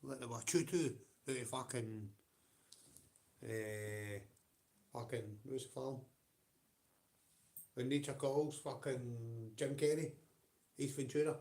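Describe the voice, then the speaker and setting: A Scottish man hosting a late-night livestream, talking loosely and swearing at nearly every turn. His voice sits at a middling pitch for a man. He rambles from topic to topic and laughs often. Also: fairly even intonation, slow, creaky, pauses often, darkish tone. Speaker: livestream host. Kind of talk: casual chat with viewers.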